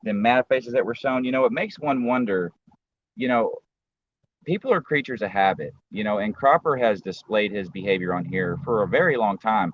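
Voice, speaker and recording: A man's voice: on the low side, moderate pace. A man talking angrily in a casual livestream chat, profane and rambling, often restarting his sentences. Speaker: livestream co-host. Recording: dull lo-fi audio with faint background noise.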